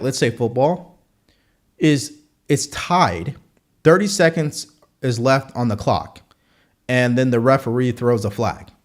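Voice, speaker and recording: Male host, live political commentary, punchy rhetorical delivery, mid-range voice. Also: medium pitch. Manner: rhetorical, repeats questions for emphasis.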